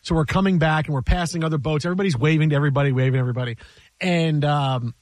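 High-voiced, animated man on sports radio. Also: very fast, dry recording. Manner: animated storyteller, laughs, repeats himself. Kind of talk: casual sports radio chat.

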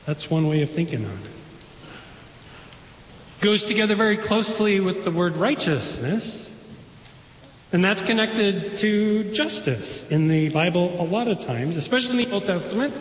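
A man's voice: sits high, big pitch swings, moderate pace. A man preaching a sermon as pastor, in a casual, enthusiastic way with chatty asides. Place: church sanctuary. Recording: echoey church hall.

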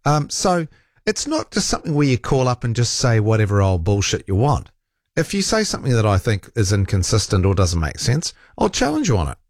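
A talk radio host, a man, works through listener messages and pushes back with a lot of energy, often correcting himself mid-sentence. His voice sits low but moves up and down freely. The studio sound is dry and close. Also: huge pitch swings, brisk, dry recording. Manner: argumentative, rambling and self-correcting. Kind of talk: casual radio talk, reading listener texts.

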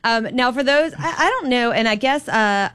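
A woman's voice: a little high, expressive, moderate pace, fairly bright tone, smooth. A woman filling in as a radio host, chatty and hesitant, with many fillers. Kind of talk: casual radio interview.

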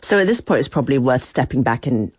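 A man's voice: medium pitch, expressive, fast, slightly rough, no echo. Man narrating podcast facts, dry sound. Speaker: podcast co-host. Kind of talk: scripted narration in a chat.

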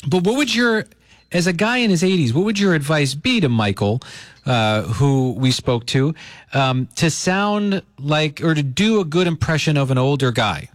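Lively, upbeat radio host man. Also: a little high, normal speed, no room sound, clean studio sound. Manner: upbeat and playful. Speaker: radio morning show host. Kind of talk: radio call-in banter.

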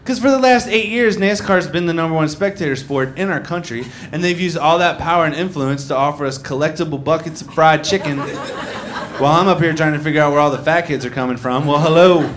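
A man's voice: fairly high pitch, a little fast. A man doing stand-up comedy with wry, incredulous storytelling. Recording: live club, crowd and noise.

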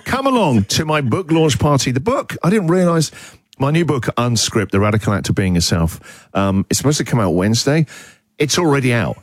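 A man's voice: medium pitch, sing-song, a little fast, dry recording. A man hosting a breakfast radio show in a studio, teasing his team in joking, mock-offended banter. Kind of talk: casual on-air banter. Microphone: studio microphone.

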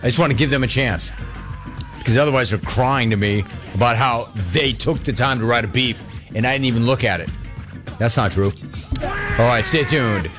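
A man's voice: mid-range voice, moderate pace, over music. A man hosting a call-in sports radio show, talking in a brash, mocking way and laughing often. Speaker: radio sports talk host. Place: radio studio.

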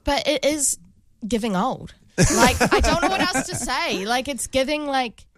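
A New woman producing a breakfast radio show. Her pitch is fairly high and lively as she chimes in to tease the host. The studio recording is dry. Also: dry recording. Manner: giggly, teasing, quick. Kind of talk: casual radio banter.

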